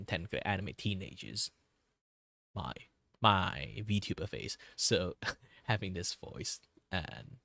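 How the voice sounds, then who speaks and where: A young man whose first language is Cantonese, chatting casually while drawing, rambling with many fillers and restarts, his low voice tired from talking a lot. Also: gravelly, no room sound, studio quality. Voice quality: low, relaxed tone. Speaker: streamer.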